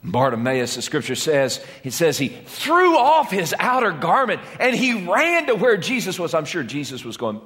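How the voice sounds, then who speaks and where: Pastor, male, passionate sermon delivery, lively voice with long hall reverb. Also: mid-range voice, normal speed. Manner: impassioned, dramatic preaching.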